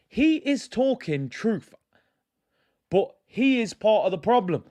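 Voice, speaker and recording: Fired-up football fan ranting. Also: male voice, sits high, sing-song, slow pace. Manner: passionate, blunt, repeats himself for emphasis; addresses viewers directly as "people". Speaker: football fan channel host. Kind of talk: ranting fan reaction vlog.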